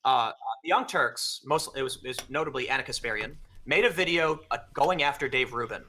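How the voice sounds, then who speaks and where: A man telling an animated anecdote in casual conversation, acting out the exchanges he describes. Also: mid-range voice, fairly quick, a little hiss or hum. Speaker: podcast guest. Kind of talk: casual storytelling chat.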